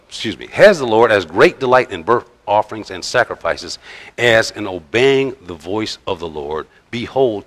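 A male pastor preaching a sermon in a conversational, halting way, with frequent pauses and restarts. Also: fairly low pitch, a bit bright. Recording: long reverb of a large church hall.

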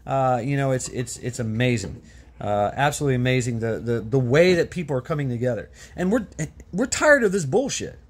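A man's voice: mid-range voice, lively intonation, a little fast. A man from the United States ranting off the cuff as a vlogger, blunt and profane, with many stammered restarts. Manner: rambling, full of restarts and stammered repeats. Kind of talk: off-the-cuff political rant.

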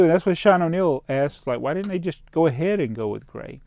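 A man's voice: fairly high pitch, expressive, a little fast, gravelly, dark tone, no room sound, highs cut off. Chuckling man rambling through an unboxing. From American South. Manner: rambling, chuckling, thinks aloud. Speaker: toy collector vlogger. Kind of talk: casual unboxing chat.

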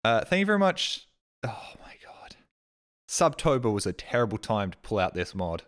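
A man's voice: fairly low pitch, big pitch swings, brisk, a bit bright. An Australian man streaming live, chatting casually with viewers, reading out chat and thanking subscribers in a rambling, joking way with plenty of swearing.

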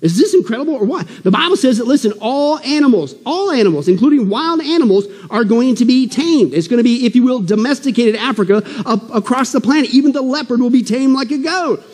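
A man preaching a sermon at a prophecy conference, joking and animated, swinging from loud emphasis to soft asides. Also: very high voice, quick pace, few pauses, husky. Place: church hall. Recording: long hall reverb.

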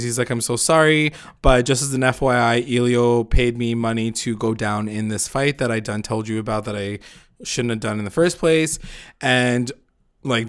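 A man co-hosting a TV recap podcast in casual chat, rambling and swearing, saying "like" constantly and acting out the characters' lines. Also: mid-range voice. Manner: rambling, profane, heavy use of "like"; acts out characters' lines in retelling. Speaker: podcast co-host.

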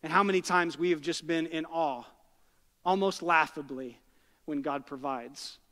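A man in his thirties preaching a sermon, conversational and story-driven, often checking in with the congregation with a quick "right?" or "okay?". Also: fairly high pitch, sharp tone. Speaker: pastor. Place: church sanctuary. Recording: long hall reverb.

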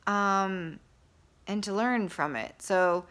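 A woman talking candidly to camera in a casual vlog, rambling with fillers and restarts, openly excited. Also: mid-range voice, takes it slowly. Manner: excited and enthusiastic. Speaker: vlogger and author.

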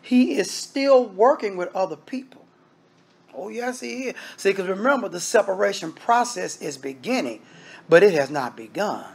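Husky, lively man preaching a sermon. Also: high-pitched, moderate pace. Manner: emphatic, repetitive, rhetorical questions to the congregation; addresses listeners directly as brethren.

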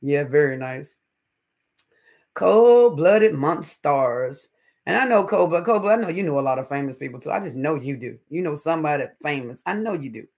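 A middle-aged man, chatting casually with viewers on his livestream and telling animated stories. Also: a little high, fast, gravelly, hardly any pauses. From North Carolina, US. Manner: animated storyteller, calls viewers honey and baby. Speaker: livestream host. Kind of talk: casual live-stream chat with viewers.

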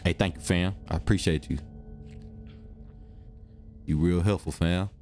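A young man giving excitable, slangy commentary while playing a video game, talking to himself and hushing when the game gets quiet. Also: deep voice, a little slow, a little hiss or hum. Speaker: gaming video host. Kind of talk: let's-play commentary.

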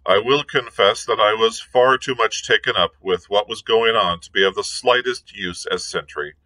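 A male librarian reading a classic novel aloud in a measured storytelling manner. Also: fairly low pitch, pushed and bright, poor audio. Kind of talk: read-aloud narration.

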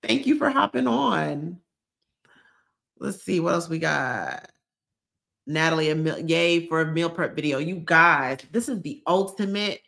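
Hosting her lifestyle live stream, a woman from Georgia, US, chats casually and reads out viewer comments in a bubbly, slangy manner. Her pitch is fairly low and a bit bright.

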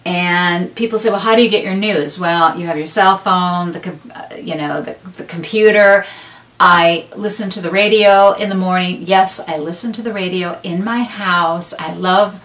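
A woman's voice: fairly low pitch, fairly even intonation, unhurried, fairly bright tone, distant mic. A middle-aged woman hosting a knitting podcast, chatting casually and rambling with self-deprecating asides. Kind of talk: casual chat to camera. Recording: roomy sound, a bit off mic.

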